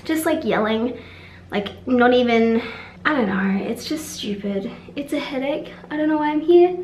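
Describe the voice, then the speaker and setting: A woman's voice: high-pitched, lively intonation, normal speed, darkish tone, roomy sound, slight background noise, poor audio. A young woman vlogging, talking frankly in a rambling way, swearing and trailing off. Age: young adult. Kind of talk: casual vlog monologue. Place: room at a conference venue.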